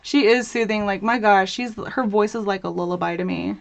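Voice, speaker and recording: A woman's voice: mid-range voice, normal speed, gravelly. Chatty young woman hosting a craft livestream. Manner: chatty and bubbly, reads chat aloud, laughs often. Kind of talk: live crafting tutorial chat.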